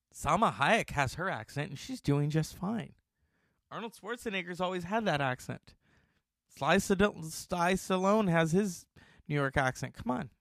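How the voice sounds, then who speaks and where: A man hosting a casual talk show, animated and outspoken, swearing freely. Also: sits high, no echo, clean studio sound. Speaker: host.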